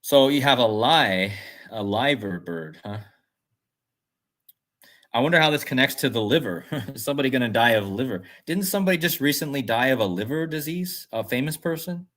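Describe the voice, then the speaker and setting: A man's voice: mid-range voice, animated, fairly quick, fairly bright tone. A man hosting a casual livestream, rambling and musing aloud as he reads chat comments. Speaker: livestream host.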